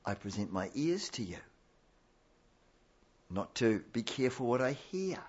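A man's voice: medium pitch, big pitch swings, unhurried, a little mellow, breathy edge. Man preaching a pleading sermon, lo-fi. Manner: pleading, repetitive preaching with many restarts.

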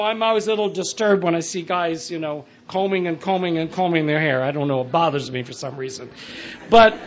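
A man's voice: high-pitched, fairly bright tone. A man preaching an interactive sermon, playfully bantering with the audience in a large hall. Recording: distant, echoey, dull and noisy room recording.

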